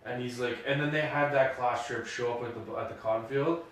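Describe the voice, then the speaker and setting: A man's voice: medium pitch, brisk. A man co-hosting a podcast, telling stories in casual chat and acting out the quotes with gusto. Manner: animated storyteller, acts out quotes loudly. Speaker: podcast co-host. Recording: roomy echo, mic at a distance.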